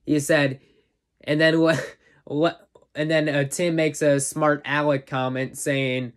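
A man reviews a favorite movie with a casual, rambling plot recap full of "uh" and "you know." He's an enthusiastic fan who chuckles often, though his medium-pitched voice is flat and slow.

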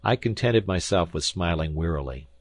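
A man narrating an audiobook in a measured, even reading style at a close studio microphone. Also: deep voice, no room sound. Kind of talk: scripted narration.

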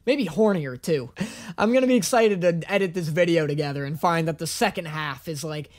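A man hosting a reaction video, talking casually with animated, profane, joking rants. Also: on the high side, brisk.

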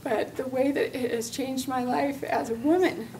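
A woman's voice: sits high, fairly even intonation, moderate pace, darkish tone, far from the mic, slight background noise, low-quality recording. A middle-aged woman giving an earnest personal testimony as a parent specialist, telling a story with many fillers.

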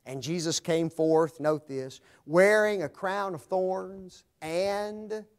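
Male preacher, sermon delivery, slow and deliberate, dramatic swings between loud and hushed. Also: sits high, smooth. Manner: addresses the congregation directly.

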